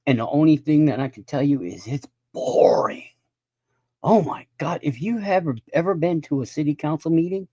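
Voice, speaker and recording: A man's voice: medium pitch, mellow, dry recording. A man in his fifties ranting in a casual live stream monologue, profane and rambling. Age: 50s.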